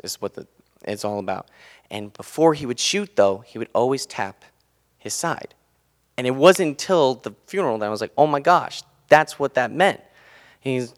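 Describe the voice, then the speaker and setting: A young man in his twenties giving an earnest, casual sermon talk, loose and full of fillers. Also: lowish voice. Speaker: student speaker giving a devotional.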